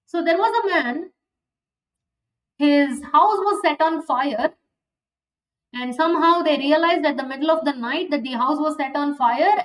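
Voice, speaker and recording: High-voiced woman teaching scripture, echoey. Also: fairly bright tone. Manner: earnest, questioning, slows down to stress points. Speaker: spiritual teacher. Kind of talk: scripture class with storytelling. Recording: echoey and distant online class audio.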